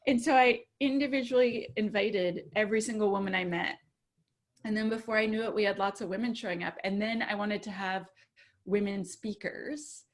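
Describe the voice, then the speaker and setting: A woman guest on a podcast telling a story casually, laughing often and acting out what others said in a lively way. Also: on the high side, fairly quick.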